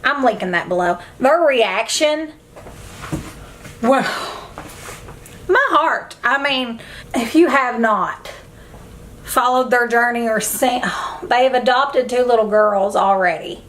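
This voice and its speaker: A young woman with a fairly high, slightly bright voice chats casually at home indoors while doing her makeup in a get-ready-with-me video as a beauty vlogger. She speaks slowly with long pauses, emotional and effusive, rambling from one thought to the next, and there's slight background noise.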